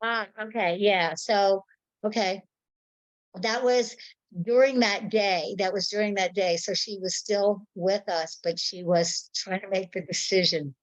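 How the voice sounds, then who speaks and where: A woman's voice: medium pitch, fairly even intonation, a little slow, dry recording, rough recording. A woman sharing a personal memory in casual talk, rambling and searching for words, on a video call.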